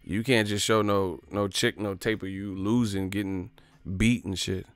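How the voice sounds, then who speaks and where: A man doing loose, joking boxing commentary for his online channel, in slangy street talk with quick put-on voices. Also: lowish voice, fairly even intonation, smooth, dry recording. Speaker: boxing YouTuber. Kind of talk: casual comedic boxing commentary.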